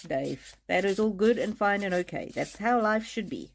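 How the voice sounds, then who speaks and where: A woman giving a live-streamed oracle card reading in a gentle, reassuring way, often restarting her sentences. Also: medium pitch, expressive, unhurried, vocal fry, hardly any pauses. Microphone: streaming mic.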